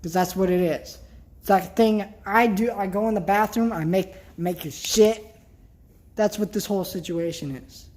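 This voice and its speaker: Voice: medium pitch, normal speed, a little mellow. Upset vlogger ranting bluntly. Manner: worked up, blunt, swears, trails off into sighs. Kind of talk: casual vlog rant to camera.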